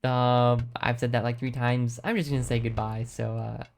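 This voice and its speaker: A man's voice: mid-range voice, level tone, normal speed, creaky, a little hiss or hum. A man streaming a video game, chatting casually and thinking aloud, with many ums and restarts as he rambles. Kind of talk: casual gameplay commentary.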